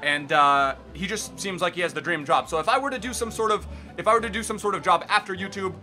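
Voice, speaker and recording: A young man hosting a gaming channel, answering viewer questions in a casual vlog at home, with sudden loud excited bursts. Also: high voice, fast talker, soft background music. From Miami, United States. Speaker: gaming YouTuber host. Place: bedroom at home.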